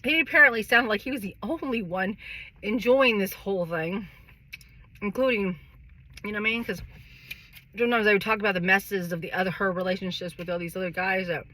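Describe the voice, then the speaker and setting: A middle-aged woman vlogger rambles through a candid personal monologue, swearing heavily, sighing often and laughing. Her mid-range voice is brisk and bright, with a forceful tone.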